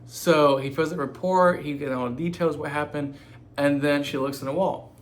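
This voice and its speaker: Man retelling a crime story, halting. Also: on the high side, fairly even intonation, slight background noise. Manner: halting, many "um" fillers and self-corrections. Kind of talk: casual spoken retelling.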